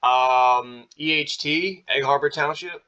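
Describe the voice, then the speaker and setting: Easygoing host on a dull lo-fi mic. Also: male voice, fairly high pitch, slow, pushed and bright. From Staten Island, New York. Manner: easygoing, asks questions, tells stories. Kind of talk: casual interview chat. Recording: dull lo-fi sound.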